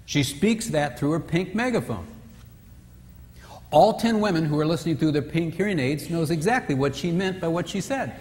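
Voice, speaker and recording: A man's voice: a little high, animated, moderate pace, a little mellow. A man giving a humorous talk on marriage at a retreat, acting out husbands and wives in raised voices. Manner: joking, acts out quoted spouses in raised voices. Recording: distant reverberant hall with faint ambience.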